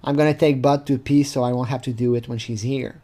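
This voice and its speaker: An eager, lonely man, read by a man in a plain, muttered voice close to the reader's own. The delivery is low-key and unpolished. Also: steady tone, a little fast, mellow, close to an everyday voice. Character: eager lonely man waiting to chat online.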